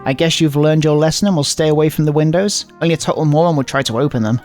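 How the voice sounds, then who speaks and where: A man streams a visual novel and reads its lines aloud with playful, overdone comic drama. His voice sits a little high, with faint game music running underneath. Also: steady tone, fast, darkish tone. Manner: playful, exaggerated line delivery. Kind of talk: comedic dramatic reading.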